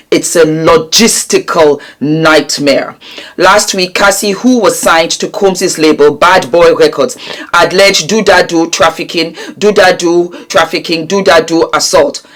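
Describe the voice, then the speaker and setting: A woman vlogger reading celebrity news aloud and breaking off for emphatic, sassy asides to her viewers. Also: fairly low pitch.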